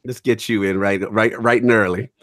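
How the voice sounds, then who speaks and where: A man's voice: on the low side, moderate pace, no echo, clean studio sound. A man hosting a gaming podcast, quizzing his co-hosts in casual chat. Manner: lively, quizzing guests, frequent mm-hmm. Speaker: podcast host.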